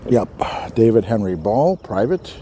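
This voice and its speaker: A man hosting a podcast, walking outdoors through a cemetery and musing aloud with pauses, slightly out of breath. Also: fairly low pitch, very animated, warm tone, a little hiss or hum. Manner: musing, halting, reads out names and dates. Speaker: podcast host. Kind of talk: walking tour commentary.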